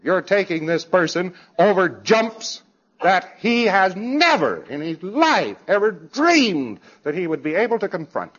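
A man's voice: sits high, very animated, a little slow, fairly bright tone, slightly rough, dull audio. A man giving an emphatic lecture to a congress audience, with wry, sarcastic asides.

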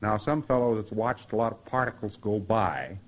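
A man's voice: on the low side, normal speed. A man giving a spoken lecture to trainees in a folksy way, acting out bits of quoted dialogue and sound effects. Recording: dull, muffled lo-fi recording.

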